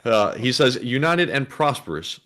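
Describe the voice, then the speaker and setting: A man's voice: mid-range voice, very animated, normal speed, a bit bright. A man co-hosting a livestream, reading out donation messages in a plain, matter-of-fact way.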